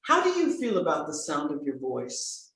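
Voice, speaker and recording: A woman voice coach in conversation on a podcast, emphatic and animated, swinging between bright exclamations and soft earnest asides. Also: low voice, moderate pace. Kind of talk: enthusiastic conversational podcast talk. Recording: very echoey room.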